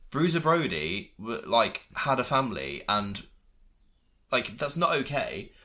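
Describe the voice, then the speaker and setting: A man's voice: medium pitch, sing-song, normal speed, pushed and bright. A man co-hosting a casual chat. He rants in heated bursts, swears a lot and mocks others by quoting them in put-on voices. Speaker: podcast co-host.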